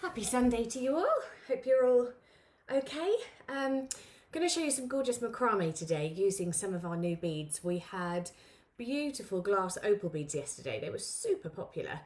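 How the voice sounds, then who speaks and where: A woman's voice: medium pitch, expressive, moderate pace, darkish tone. Woman hosting a live beading tutorial, chatty and informal. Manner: chatty, greets viewers by name, many fillers. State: out of breath. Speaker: craft tutorial host. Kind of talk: live-streamed craft lesson, chatty.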